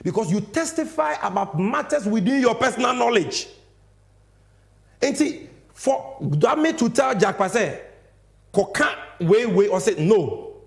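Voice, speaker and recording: Young Ghanaian male commentator, high and lively voice, emphatic and combative on-air delivery. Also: unhurried, vocal fry. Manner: animated, emphatic, switching between English and Twi. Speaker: political commentator. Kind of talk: fiery political commentary.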